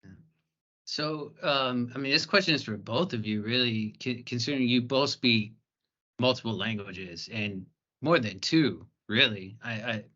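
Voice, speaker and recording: A man's voice: mid-range voice, unhurried, bright, forceful tone. A man hosting a podcast, asking conversational questions and stammering a little as he frames them. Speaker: podcast host. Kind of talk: casual podcast interviewing. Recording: slightly muffled audio.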